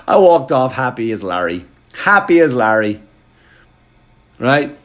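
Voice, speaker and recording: A man's voice: mid-range voice, moderate pace. Profane man telling a comic story. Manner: profane, animated, keeps checking in with the listener. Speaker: comedian. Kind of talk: comedic storytelling.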